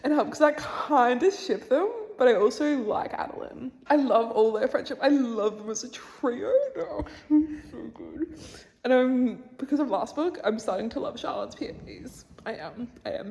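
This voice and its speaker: This young woman's voice is fairly high, gravelly and a little mellow as she chats casually in a reading vlog among her bookshelves at home. She gushes over her reading and frequently lowers to a near whisper, sometimes laughing.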